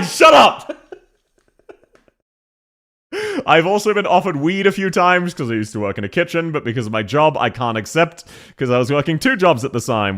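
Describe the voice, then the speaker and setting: Brief: Australian man streaming, lively up-and-down voice, laughs a lot, swears casually. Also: mid-range voice. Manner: animated, laughing often, swearing. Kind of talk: casual tier-list commentary.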